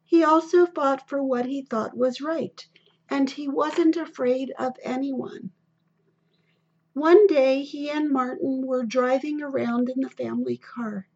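A woman reads a children's story in a steady, deliberate way. Her voice sits high with a gravelly, husky grain, and she takes her time. The recording sounds dull and lo-fi. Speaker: narrator. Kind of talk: storybook reading.

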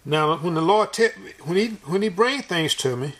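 A man's voice: a little high, expressive, normal speed, fairly bright tone. A man preaching a sermon in an earnest, folksy, repetitive way, restarting his phrases often.

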